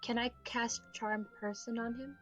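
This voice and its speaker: A woman playing a tabletop game, speaking in a gentle, reassuring way. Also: on the high side, fairly even intonation, moderate pace, faint music behind. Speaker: player.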